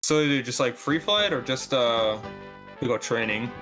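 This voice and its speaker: A man's voice: medium pitch, moderate pace, over music. A man chatting as a guest on a retro gaming stream, joking and reading game text aloud. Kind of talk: casual group chat while gaming.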